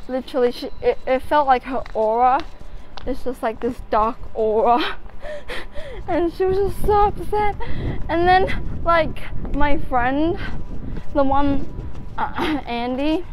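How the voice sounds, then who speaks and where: A woman's voice: high voice, animated, takes it slowly, rough recording. A teenage girl, telling a rambling, swear-laden story to camera. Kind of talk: casual storytelling vlog.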